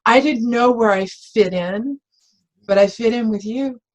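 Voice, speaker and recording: A woman's voice: fairly high pitch, measured pace, lo-fi sound. A woman who is a spiritual reverend, a guest speaking earnestly and from the heart in a casual spiritual conversation, often restarting her sentences.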